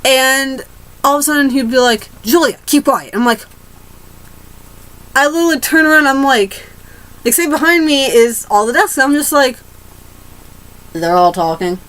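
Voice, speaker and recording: A woman's voice: high-pitched, normal speed, pauses often, fairly bright tone, poor audio. A teenage girl ranting to camera in a rambling, casual way, restarting her sentences and swearing freely. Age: teens. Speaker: vlogger.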